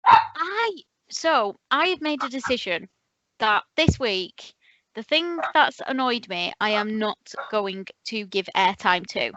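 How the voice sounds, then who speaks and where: A woman's voice: on the high side, expressive, takes it slowly, pushed and bright, dry recording, dull audio. A woman co-hosting a podcast in casual chat, playful and self-mocking as she teases her co-host.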